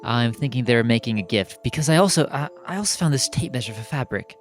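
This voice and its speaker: A man playing his character in a casual tabletop role-playing game, playful and expressive. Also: mid-range voice, fast, soft background music. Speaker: player.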